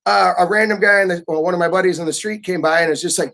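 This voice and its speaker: A man giving a casual livestream talk, animated and often acting out the pushy voices of others. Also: high voice, quick pace, vocal fry, few pauses. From United States. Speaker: vlogger.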